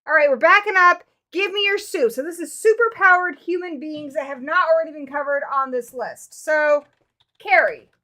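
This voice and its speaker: A woman with a high, bright voice hosts a live show, chatting casually with her co-host and calling out to viewers. She talks loosely and laughs easily. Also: moderate pace. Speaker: livestream host.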